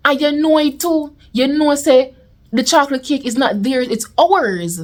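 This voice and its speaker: A young woman with a Jamaican accent telling a storytime vlog in a lively way, slipping into patois. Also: high voice, unhurried. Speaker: vlogger. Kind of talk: casual storytime.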